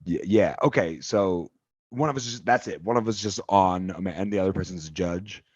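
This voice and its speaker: A man's voice: low voice, fairly quick, darkish tone, breathy edge, no room sound, lo-fi sound. A young man co-hosting a podcast, joking in laid-back casual banter. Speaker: podcast co-host.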